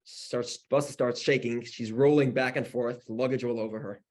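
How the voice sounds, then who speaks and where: A man's voice: mid-range voice, steady tone, normal speed, few pauses, a little mellow. A man, a rabbi, teaching a class by telling a story conversationally, with frequent restarts. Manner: conversational, with many restarts and "you know". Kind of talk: storytelling lesson.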